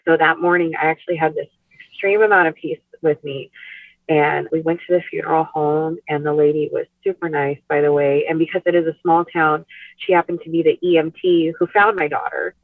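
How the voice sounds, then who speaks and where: Soft-spoken woman on a tinny phone line. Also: sits low, steady tone, fairly quick, dry recording. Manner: soft-spoken, many "like" and "you know" fillers. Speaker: podcast guest. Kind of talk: emotional personal storytelling.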